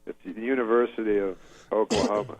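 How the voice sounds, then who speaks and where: A man, a comedian, telling a long rambling story in a halting, deadpan way and chuckling now and then. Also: lowish voice, no room sound. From Canada. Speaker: comedian guest. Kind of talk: rambling storytelling on a radio interview. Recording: dull dry lo-fi radio recording.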